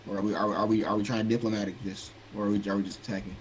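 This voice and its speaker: A man's voice: lowish voice, flat delivery, very fast, a little hiss or hum, rough recording. A man playing a tabletop game over voice chat, asking hesitant questions with restarts. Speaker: player.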